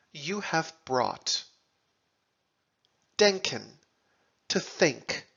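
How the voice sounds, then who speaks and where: A man narrating a scripted language lesson, deliberately sounding out German words and their translations, in a dull lo-fi recording. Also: on the high side, very animated, creaky, sharp tone, slightly rough. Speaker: language teacher.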